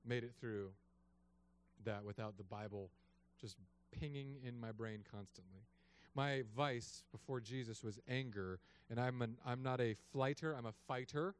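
A man in his thirties, a pastor, telling a story in a sermon with an animated, joking delivery. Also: mid-range voice, dry recording. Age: 30s.

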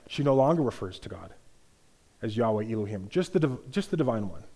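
A man delivers a teaching sermon in a measured, explanatory way, tossing in rhetorical asides. His voice is mellow and warm, sitting at an ordinary middle pitch. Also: lively intonation. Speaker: preacher.

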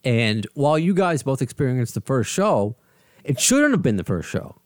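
Man, from the United States, host, rambling, self-deprecating, lively, dry recording. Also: mid-range voice, moderate pace, dry recording. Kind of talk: casual video-call interview.

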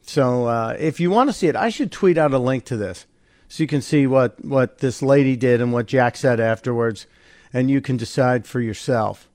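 A man hosting a live talk radio show, narrating a clip in an animated, sarcastic, opinionated way. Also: mid-range voice, normal speed, no echo, studio quality.

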